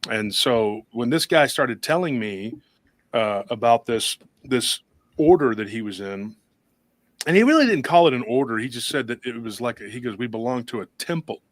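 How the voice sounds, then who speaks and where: A man's voice: medium pitch, expressive, moderate pace, dry recording. A man hosting a paranormal talk show, telling a long story in a rambling, casual way with many restarts and acted-out quotes. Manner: rambling, restarts often, acts out quoted voices.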